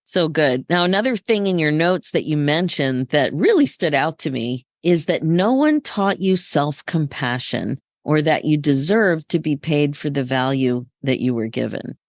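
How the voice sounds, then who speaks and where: A woman's voice: low voice, a little mellow, dry recording. Woman, podcast host, midlife coach, encouraging, dry close sound. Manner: friendly, encouraging questions. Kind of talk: casual interview hosting.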